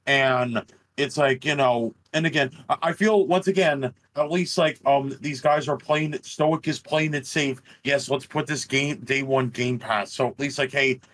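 A man co-hosting a casual game talk show, animated and swearing often. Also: mid-range voice, a little slow, slight background noise. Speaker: podcast co-host. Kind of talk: casual chat.

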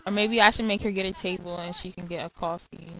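A woman's voice: fairly low pitch, fairly even intonation, quick pace, bright, forceful tone, poor audio. A woman hosting a let's-play, giving casual game commentary in an exasperated, chatty, profane way.

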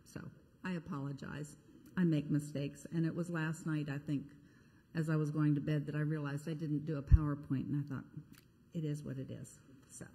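Woman pastor, chatty sermon storyteller, darker lowish voice, church reverb. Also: flat delivery, normal speed, warm tone, slight background noise. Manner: conversational, self-deprecating storytelling. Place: church sanctuary. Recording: echoey church sanctuary.

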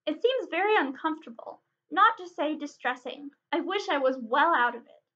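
A woman's voice: high voice, expressive, moderate pace, sharp tone, highs cut off. A woman voicing a worried male hobbit, thinking plaintively to himself in a storybook reading. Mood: fretful. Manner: worried, plaintive inner thoughts. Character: fretful grown male hobbit, gentle and homesick.

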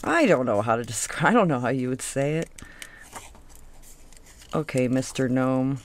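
Low, lively-pitched woman chatting through a craft. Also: moderate pace, slight background noise. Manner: chatty, thinks aloud, trails off mid-sentence; coos at her craft pieces. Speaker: crafting channel host. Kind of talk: casual craft tutorial chat.

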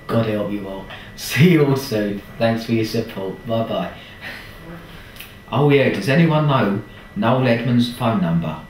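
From a hospital ward, a man records a chatty, jokey video message thanking the staff, full of affectionate banter. His voice is fairly low, with a little hiss or hum, captured in an echoey room on a distant mic.

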